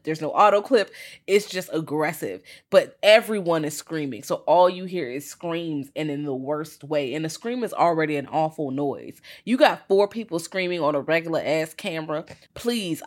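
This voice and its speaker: A young woman co-hosting a podcast, reviewing a film in casual, profane chat and acting out what the characters say. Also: low voice. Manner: animated storytelling, profane, acts out quotes. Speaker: podcast co-host.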